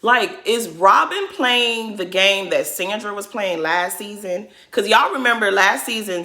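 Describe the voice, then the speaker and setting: Woman, casual reaction vlog, blunt and sassy, lowish pitch, bright forceful tone. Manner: blunt, sassy, talks straight to the cast. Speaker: reality TV reaction vlogger.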